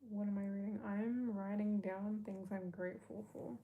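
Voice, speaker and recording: A woman's voice: medium pitch, steady tone, moderate pace, phone-quality sound. A young woman, chatting casually with her livestream chat, reading out and answering comments and laughing often. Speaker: livestream host.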